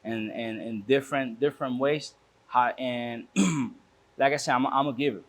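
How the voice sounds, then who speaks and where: A man's voice: medium pitch, fairly even intonation, normal speed, a bit bright. A man guest on an interview show, telling a personal story casually, stumbling and restarting and often calling the host bro. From Miami. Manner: repeats words, restarts often, says "bro". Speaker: podcast guest, shop owner.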